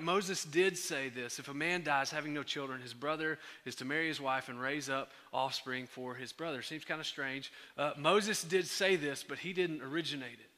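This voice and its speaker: A pastor delivering a sermon in a conversational way, full of fillers and restarts. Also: male voice, fairly high pitch, bright, forceful tone, big-room sound.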